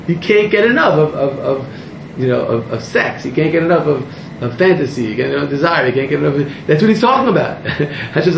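A man, a rabbi, giving an animated, rambling sermon to a live audience, interrupting himself and rising to near-shouts. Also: a little high, a little fast, creaky, a little hiss or hum. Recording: echoey room, muffled sound.

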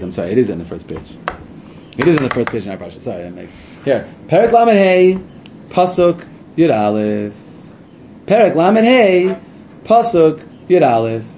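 A high, mellow-toned man teaches a Torah class, his voice leaping up and down as he fires rhetorical questions and keeps correcting himself. The recording is slightly dull, with a faint hiss behind him. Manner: excitable, rhetorical questions, frequent self-corrections. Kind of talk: animated classroom Torah lesson.

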